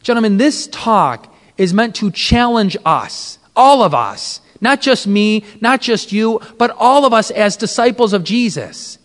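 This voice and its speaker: A Catholic priest preaching to a gathering of men, impassioned, with dramatic swings in pitch and volume. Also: male voice, expressive, measured pace, few pauses, fairly bright tone, in a large hall. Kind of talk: sermon at a men's retreat.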